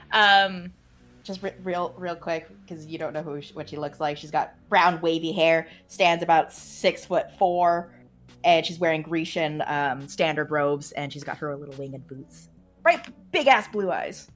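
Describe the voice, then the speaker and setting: A woman's voice: sits low, unhurried, fairly bright tone. A woman player speaking casually as she describes her character. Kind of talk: in-character tabletop play.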